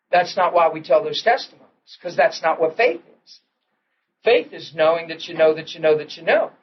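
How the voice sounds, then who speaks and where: Animated high-voiced man preaching. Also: slightly rough. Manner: animated storytelling, acting out quotes, laughing. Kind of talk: sermon. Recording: dull lo-fi archival audio with faint hiss.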